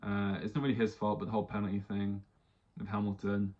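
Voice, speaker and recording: A man hosts a casual solo podcast rant, exasperated and rambling, swearing heavily and restarting his thoughts. His fairly low voice is monotone and quick, with lo-fi sound.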